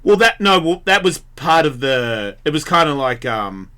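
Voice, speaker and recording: A man's voice: on the high side, sing-song, normal speed, bright, forceful tone, clean tone. A man hosting a talk radio show, telling a crude, rambling story through a studio microphone and laughing at himself.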